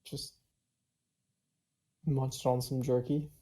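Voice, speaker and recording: Mellow-voiced person at a tabletop game. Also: medium pitch, level tone, very slow. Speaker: player. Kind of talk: casual tabletop play.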